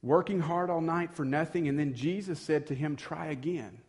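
A man preaches a sermon and tells the story with animated drama. His voice sits a little high, and he drops into easy, conversational asides. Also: fairly quick.

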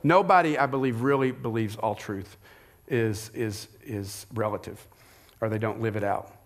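A man's voice: lowish voice, moderate pace. A middle-aged male pastor preaching a sermon in a conversational way, often asking rhetorical questions.

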